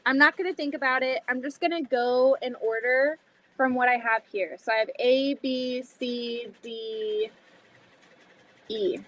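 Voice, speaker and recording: A woman's voice: fairly high pitch, steady tone, a little slow, fairly bright tone. A woman hosting a casual sewing livestream, chatting to viewers and thinking aloud as she cuts fabric. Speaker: livestream host.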